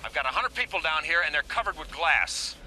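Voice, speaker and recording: A man's voice: a little high, animated, fairly quick, pushed and bright, slight background noise, poor audio. An actor playing an indignant male federal agent, in a clip played back from a film.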